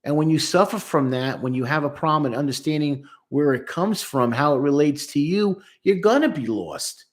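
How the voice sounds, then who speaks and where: A man's voice: a little high, moderate pace, few pauses. A man working as a therapist, giving an emphatic commentary on a song and acting out lines and voices as he explains. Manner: emphatic, quotes lyrics and acts out voices.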